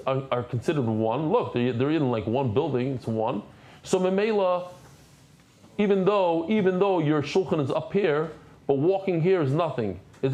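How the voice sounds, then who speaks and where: Male Talmud teacher, slightly high voice, very lively pitch, explains terms as he goes and jokes with the class. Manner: animated, repeats phrases, explains Hebrew and Aramaic terms in English; jokey asides to the class.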